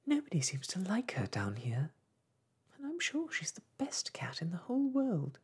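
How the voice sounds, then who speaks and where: A man's voice: sits high, wildly swooping pitch, moderate pace, darkish tone, slightly rough, pitched above the performer's own voice, heavily acted. A man doing a polite, pleading young girl in whispered role-play. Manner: humble and pleading.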